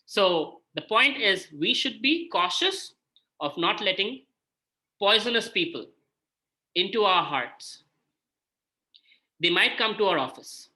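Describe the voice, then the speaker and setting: Chatting through an informal scripture talk, a spiritual mentor keeps asking "right?" to check in with listeners. His sharp, high voice is very animated, slow, and full of frequent pauses.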